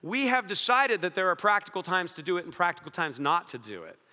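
A man preaching a sermon in a lively, joking storytelling manner, speaking in a church hall. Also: high voice, brisk. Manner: lively storytelling, jokey, chuckles. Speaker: pastor. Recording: long hall reverb.

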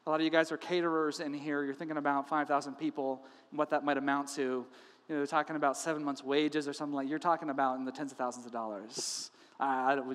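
A man with a high-pitched voice preaches to his congregation, and his words ring out with a long echo in the church hall. He tells the story with playful humor and acts out the characters' lines. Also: fast talker. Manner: animated storytelling, acting out quotes with humor. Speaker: pastor. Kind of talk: sermon. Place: church sanctuary.

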